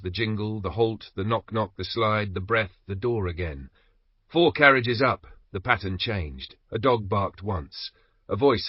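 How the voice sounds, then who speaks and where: Male narrator, deep-ish voice, husky, steady measured audiobook reading, dry dull recording. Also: no echo.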